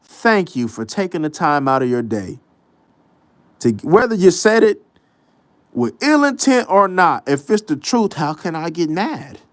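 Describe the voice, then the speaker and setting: Male host for a sports rant show: blunt, profane, repeats himself to hammer points home, pitch swinging widely but delivery slow and deliberate, dry close mic. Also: sing-song, dry recording. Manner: repeats lines for emphasis. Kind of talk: casual sports commentary rant.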